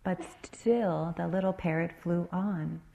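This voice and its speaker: A woman meditation teacher telling a dharma story in an expressive, rhythmic way. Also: lowish voice, slow, vocal fry, muffled recording.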